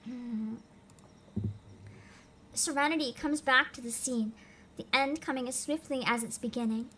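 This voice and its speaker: A young woman streaming a game, reading its text aloud and gushing excitedly between lines with frequent giggles. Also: high-pitched, a little slow, a little hiss or hum. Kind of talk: game livestream, reading and reacting.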